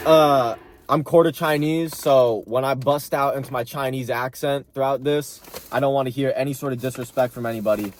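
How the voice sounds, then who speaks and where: Male vlog host, mid-range voice, loose and jokey, eats while he talks. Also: mid-range voice. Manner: joking, rambling, talks while eating. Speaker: mukbang host giving fight picks. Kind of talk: casual vlog chat.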